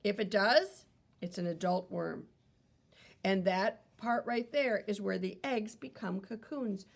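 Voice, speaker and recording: A woman's voice: medium pitch, slow, gravelly. A woman teacher reading a picture book aloud to children, wondering aloud and explaining as she goes.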